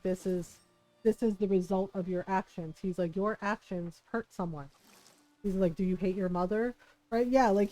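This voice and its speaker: A woman's voice: mid-range voice, rough recording. A middle-aged woman streamer casually telling a long family story, rambling and acting out the people she quotes. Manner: rambling, quotes people in animated voices, frequent laughs.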